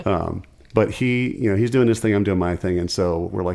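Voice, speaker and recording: A man's voice: lowish voice, gravelly. A man and musician, a podcast guest telling stories in a casual chat, acting out the people he quotes. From Ohio, USA. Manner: animated storyteller, quick and chatty, acts out quotes.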